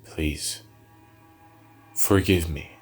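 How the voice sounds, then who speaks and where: A man voicing a deep-voiced guilt-ridden warrior priest. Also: fairly even intonation, unhurried, faint music behind. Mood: remorseful. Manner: pleading, desperate.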